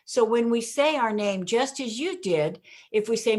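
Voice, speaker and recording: Female communication coach, podcast guest, emphatic pause-and-punch delivery. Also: fairly high pitch, expressive, a little mellow. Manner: often addresses the host by name. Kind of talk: podcast interview, coaching explanation.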